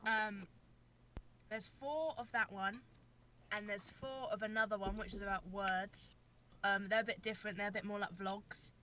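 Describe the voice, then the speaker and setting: A woman's voice: medium pitch, steady tone, moderate pace, pushed and bright, slight background noise. A young woman chatting as a podcast guest over a voice call, hesitant with fillers and self-deprecating. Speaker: guest, video creator. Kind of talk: casual chat on a podcast.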